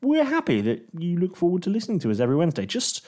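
A British man narrating a tabletop game as dungeon master and host, with lively, cheerful storytelling. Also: high voice, rapid-fire. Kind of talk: tabletop game narration and podcast shout-outs.

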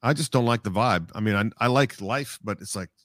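A man's voice: fairly low pitch, fairly quick, fairly bright tone, no echo, studio quality. A middle-aged man, a sportscaster, telling stories in a casual interview, rambling and reflective with many restarts. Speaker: sportscaster guest.

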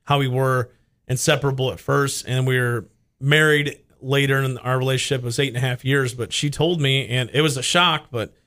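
A man co-hosting a talk show who talks in an earnest, personal way. His pitch sits in a plain middle range. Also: steady tone, a little fast, a bit bright. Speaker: radio show co-host. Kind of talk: casual chat.

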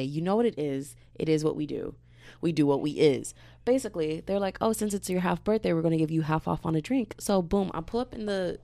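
A young woman in her twenties rants on her podcast in a low, gravelly voice with plenty of vocal fry. She rambles from story to story and keeps leaping up into high, mocking voices when quoting people. She sounds tired but wired, and the sound is dry and close. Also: a little fast, dry recording. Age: 20s. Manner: animated, rambling, jumps into high-pitched quoted voices. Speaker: podcast host. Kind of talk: casual ranting monologue.

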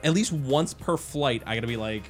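A man's voice: medium pitch, a little fast, soft background music. Profane storytelling man, podcast co-host. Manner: profane, storytelling, laughs often. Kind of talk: casual chat.

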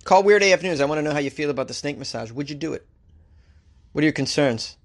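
A male talk show host reading out odd news stories and mocking them sarcastically, with big jumps in pitch. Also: expressive, fast. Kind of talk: comic news commentary.

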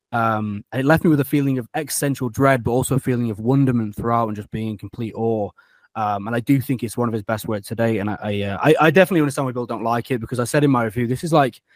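A man's voice: mid-range voice, no echo. A man on a podcast, reviewing a film earnestly in casual chat and often repeating words.

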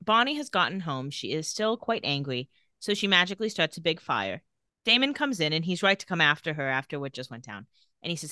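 Woman podcast cohost, bright voice, bouncy pitch, dry close sound, acts out lines from the show. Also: very animated, fairly quick, no room sound. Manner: reads out scene lines, acting them with big pitch jumps. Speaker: podcast co-host recapping a TV episode. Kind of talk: casual chat.

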